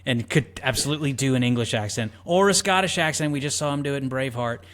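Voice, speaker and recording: A man co-hosts a movie podcast, chatting casually, telling stories with animation and acting out quotes. His voice is medium-pitched and his pace quick.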